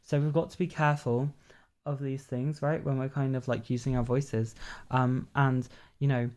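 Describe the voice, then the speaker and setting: Recorded while lying down, a bass-voiced woman coaches voice in a casual lesson at normal speed. Slightly hoarse from a long workshop, she explains things along the way and keeps asking "right?"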